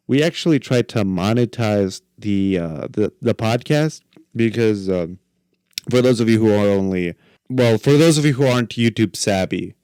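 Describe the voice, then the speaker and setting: A man's voice: lowish voice, darkish tone, clean tone, no room sound, studio quality. A man in his twenties hosting a podcast solo, rambling casually with lots of fillers and jokes. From Mexico. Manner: rambling, filler-heavy, joking. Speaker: podcast host.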